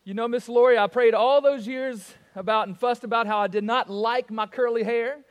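A man's voice: very high voice, fairly even intonation, normal speed. A man from the American South, a pastor with a Southern US accent, preaching a folksy, joking, conversational sermon. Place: church sanctuary. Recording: long reverb of a church hall.

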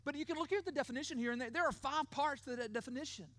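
A middle-aged male pastor giving a sermon. He stresses key words, slows down to repeat them, and often checks in with "right?". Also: very high voice, fairly bright tone, no echo, studio quality. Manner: emphatic, repeats key words slowly, asks the crowd "right?".

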